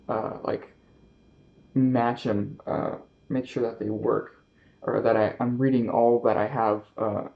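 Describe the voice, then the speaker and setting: A man with a Canadian accent talking casually about his books, halting often with fillers and restarts. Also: medium pitch, dull audio. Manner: halting, many fillers and self-corrections. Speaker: book vlogger. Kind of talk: casual book haul talk.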